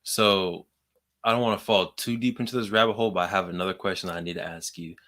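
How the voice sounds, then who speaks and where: A man co-hosting a live podcast, with a bright, forceful tone on a slightly low voice. He talks quickly and casually, firing off questions and moving the show along. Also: steady tone. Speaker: podcast co-host.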